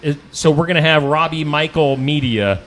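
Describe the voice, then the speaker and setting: A man's voice: on the high side, normal speed, a bit bright, slight background noise. A man hosting a live radio interview, chatty and easygoing with light laughs. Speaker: radio host.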